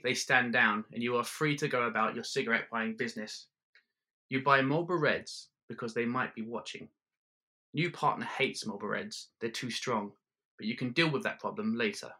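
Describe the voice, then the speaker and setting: A man telling a comic story in a dry, deadpan way, full of detailed asides. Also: medium pitch. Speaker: comedian. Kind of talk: comic second-person storytelling.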